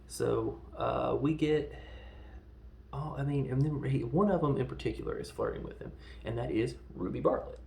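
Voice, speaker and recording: A gravelly-voiced man in his thirties talks through a movie in a loose, rambling review. He is animated and drops into quick quoted lines along the way. The sound is roomy and echoey. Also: mid-range voice, slight background noise. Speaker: podcast host reviewing films.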